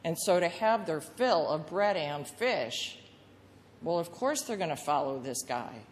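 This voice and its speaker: A woman pastor preaching, her voice sitting a little low. She tells the story with feeling and acts out the crowd's lines. Long reverb rings around her in the sanctuary, with a faint hum of ambience. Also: lively intonation, a little slow. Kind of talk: sermon.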